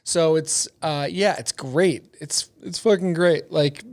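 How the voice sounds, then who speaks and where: A middle-aged man with a slightly higher voice tells loose, rambling stories as a comedian guest. He swears freely and laughs between lines in an easygoing interview chat. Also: takes it slowly. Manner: profane, rambling, laughs a lot. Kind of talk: casual storytelling interview.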